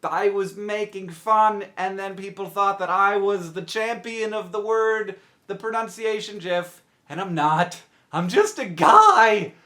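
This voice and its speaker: A young man who has just woken up, giving a rambling, animated explanation to camera with self-interrupting asides. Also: sits high, a little slow, few pauses. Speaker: vlogger. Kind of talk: casual explainer talking to camera.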